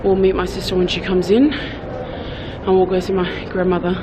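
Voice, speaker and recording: A woman's voice: on the low side, completely flat delivery, normal speed. A woman vlogging casually to camera while travelling, chatting to her viewers. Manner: chatty, addresses viewers as guys. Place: travelling through airport and outdoors. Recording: noisy background.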